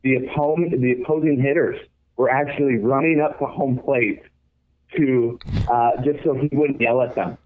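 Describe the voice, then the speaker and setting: A young man recounts his past in an earnest, reflective way, speaking as an interview guest. His voice sits at an ordinary pitch. It comes through a thin, tinny, phone-like line. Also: fairly even intonation, moderate pace. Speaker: guest, former college baseball pitcher. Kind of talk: storytelling interview.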